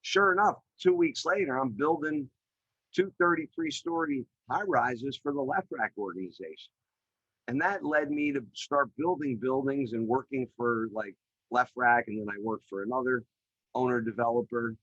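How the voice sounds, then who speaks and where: A middle-aged man tells his story over a video call, energetic and chatty, with his sentences full of "you know." His voice comes through dry and close, with a slightly muffled, narrow sound. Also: medium pitch, normal speed, no room sound. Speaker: podcast guest, real estate developer. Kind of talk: animated storytelling in an interview. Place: remote call.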